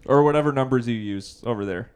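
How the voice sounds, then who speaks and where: A man's voice: mid-range voice, quick pace, a little mellow, clear, resonant tone. A man co-hosting a fan podcast, laid-back with dry humor. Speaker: podcast co-host. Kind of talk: casual chat.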